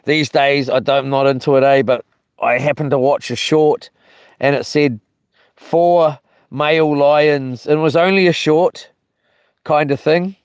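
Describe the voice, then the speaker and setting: Slow-talking man vlogger, smooth dry voice, rambling and a bit rough-mouthed. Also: a little high, steady tone, dry recording. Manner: meandering, loses his thread, mild cursing. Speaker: solo camping vlogger reading live chat. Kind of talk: casual rambling live chat.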